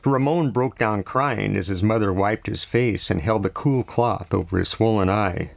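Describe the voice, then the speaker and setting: A man narrating a novel aloud in a steady, measured reading. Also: on the low side, creaky, no echo. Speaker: audiobook narrator.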